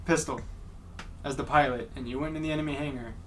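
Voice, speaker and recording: A man's voice: mid-range voice, steady tone, quick pace, a bit bright, far from the mic, a little hiss or hum. Eager man explaining, set back from mic. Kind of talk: casual gaming chat.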